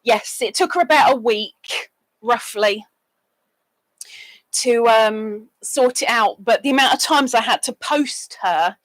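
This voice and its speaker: A woman's voice: takes it slowly, a bit bright, dry recording. A woman hosting a casual crafting livestream, telling little stories and greeting people in the chat. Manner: chatty, drifts between stories and chat greetings, with squeaky bursts.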